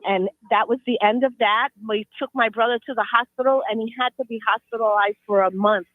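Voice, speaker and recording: A woman's voice: on the high side, a little fast, dry recording. Woman caller over a tinny phone. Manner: earnest, steady storytelling. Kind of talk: telling a true story on the phone.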